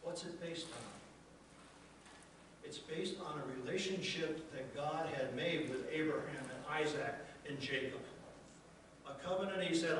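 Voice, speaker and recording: A man's voice: a little high, measured pace, fairly bright tone. A male pastor delivering a sermon, asking the congregation rhetorical questions and acting out quoted lines. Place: church sanctuary. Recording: echoey church from a distance with noise.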